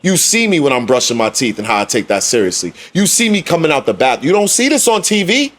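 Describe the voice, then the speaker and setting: A man's voice: on the high side, big pitch swings, fast talker, a bit bright. Man, podcast co-host, emphatic, repeats lines for impact, conversational. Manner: emphatic, preachy, repeats phrases for effect. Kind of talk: casual podcast discussion.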